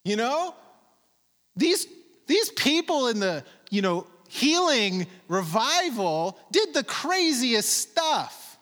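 A man delivers a sermon in a high, lively voice that swoops up and down. He leans hard on key words and draws them out slowly. His voice rings with the long reverb of a large hall. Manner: emphatic, stretches words slowly for emphasis. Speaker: preacher.

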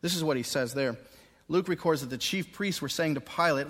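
Animated male pastor preaching in a reverberant sanctuary. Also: fairly high pitch, a little fast. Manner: animated preaching, swinging from quiet asides to emphatic raised passages. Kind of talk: expository sermon. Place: church sanctuary during a service. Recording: long reverb of a church sanctuary.

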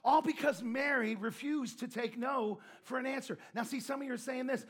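A man preaching a sermon, telling stories with animated delivery and shouting out lines for emphasis. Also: very high-pitched, normal speed, breathy edge.

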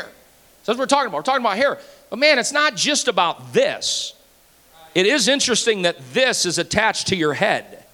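Pastor mid-sermon, lively and rhyming, bright forceful tone, church hall echo. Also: male voice, high voice. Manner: animated, rhyming and playful, swings between loud and hushed. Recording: hall reverb.

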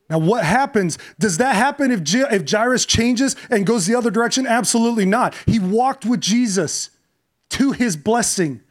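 Man, preacher, high-pitched voice, sermon storytelling, hushed then impassioned. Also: animated, normal speed.

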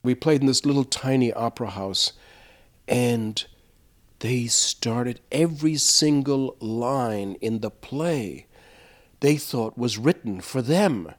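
A man recalling his theater touring days in an interview, storytelling with lively asides and frequent restarts. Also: mid-range voice, takes it slowly. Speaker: interviewed former puppet theater actor.

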